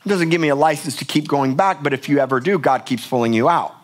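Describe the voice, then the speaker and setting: A man's voice: on the high side, fast. A middle-aged male pastor preaching a sermon in a church, emphatic and passionate, often repeating words for force. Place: church sanctuary.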